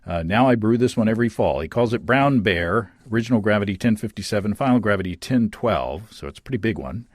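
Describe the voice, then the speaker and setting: A man's voice: fairly low pitch, fast talker, few pauses, no room sound, studio quality. A man hosting a casual chat, reading listener letters aloud with frequent fillers and laughter. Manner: lively, laughing, many fillers and restarts. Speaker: podcast host.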